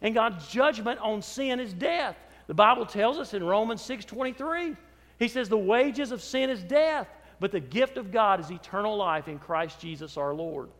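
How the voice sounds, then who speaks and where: A man preaching a sermon as pastor, swinging between loud emphatic phrases and soft, low asides. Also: animated, moderate pace, big-room sound. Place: church.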